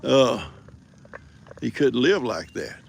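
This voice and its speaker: A man's voice: mid-range voice, very animated, takes it slowly, creaky, husky. An older man, telling folksy stories and teasing his viewers in a casual livestream from a farm. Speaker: livestream host. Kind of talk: casual rambling storytelling.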